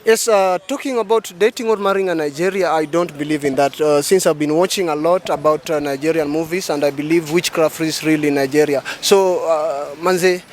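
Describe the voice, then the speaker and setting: A man answers questions out on an urban street, and his voice is fairly high for a man. He hesitates often and fills pauses as he talks. Faint noise hangs in the background. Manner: hesitant, many fillers. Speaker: street interviewee. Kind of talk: street vox pop.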